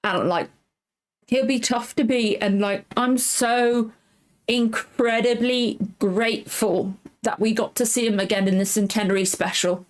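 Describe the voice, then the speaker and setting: A woman's voice: a little high, a little slow. A woman hosting a reaction channel, chatting casually and rambling, correcting herself, close to tears. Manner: rambling, self-correcting, emotional. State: tearful. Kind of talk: casual recap chat.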